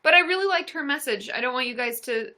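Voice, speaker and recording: A woman's voice: high voice, fast. A young adult woman therapist hosting a live stream, upbeat and encouraging as she answers viewers. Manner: upbeat and encouraging, squeals excitedly at gifts.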